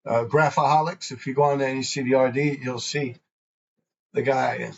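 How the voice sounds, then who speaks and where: A man's voice: medium pitch, fairly even intonation, normal speed, creaky, muffled recording. A man hosting a graffiti show, telling rambling, profane stories in a casual way. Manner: rambling, profane, laughing often. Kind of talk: casual storytelling.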